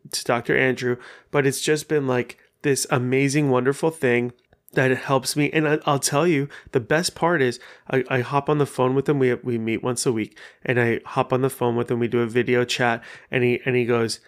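Animated, swearing man talking casually. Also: mid-range voice. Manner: animated, profane storytelling. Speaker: podcast host. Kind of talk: casual monologue.

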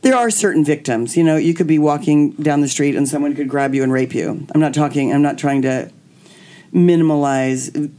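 A woman's voice: deep voice, moderate pace. A woman guest candidly telling a personal story, acting out what people said. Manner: animated, acts out quotes.

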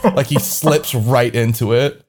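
A man co-hosting a podcast, needling the others in a deadpan, insistent way. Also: medium pitch, a little slow. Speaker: podcast co-host. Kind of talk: casual banter.

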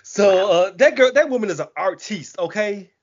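Husky cohost joking around, pitch all over, slightly muffled. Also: lively intonation, normal speed. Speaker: podcast co-host. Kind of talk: casual chat.

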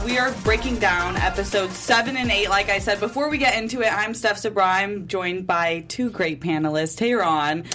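A woman's voice: medium pitch, normal speed, hardly any pauses, over music. A woman hosting a TV recap podcast, upbeat and chatty with her panel. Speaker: podcast host. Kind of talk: casual panel chat.

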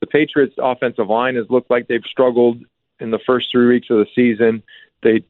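A man's voice: little pitch movement, moderate pace, dry recording. Man, former football player, sports radio guest, emphatic, tinny phone line, dry. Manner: emphatic, repeats names with rising pitch. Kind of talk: casual sports radio chat.

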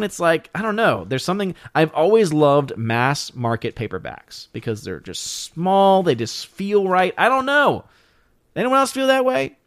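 A man's voice: a little high, dry recording, studio quality. A man hosting a live stream, reading out chat comments in casual talk, blunt and opinionated, often restarting his sentences. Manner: rambling, many restarts and fillers.

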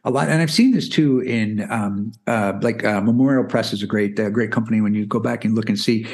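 A man's voice: fairly low pitch, fairly quick, a little mellow. Man in his 40s, podcast guest, talks loose and chatty, keeps saying you know, right?. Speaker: guest, math curriculum founder. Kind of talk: casual podcast interview.

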